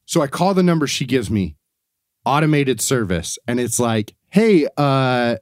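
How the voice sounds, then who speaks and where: A man's voice: medium pitch, sing-song, moderate pace, dry recording, studio quality. A man co-hosting a podcast, telling an angry story about customer service calls, cursing and acting out both sides of the phone conversations. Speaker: podcast co-host. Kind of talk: casual chat, ranting story.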